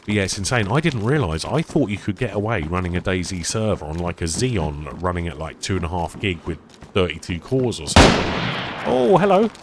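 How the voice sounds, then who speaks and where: A man with a notably low, deep voice talks his way through a survival game for his stream viewers. He rambles casually, jokes at his own expense and chats to his audience. A faint hiss of noise sits behind him. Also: brisk, hardly any pauses. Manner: chatty, self-deprecating, talks to chat. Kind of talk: casual gameplay commentary.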